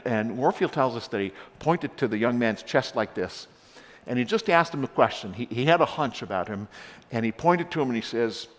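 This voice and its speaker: A male pastor reading scripture and preaching a sermon, telling stories animatedly with frequent repeated starts. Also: medium pitch. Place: church sanctuary. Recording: long church reverb.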